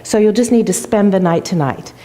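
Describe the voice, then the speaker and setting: A woman's voice: medium pitch, lively intonation, a little fast, dark tone, long reverb tail, lightly acted. A woman playing a cheery, helpful mechanic with a lifted, upbeat voice. He is reassuring and friendly, told as part of a spoken joke.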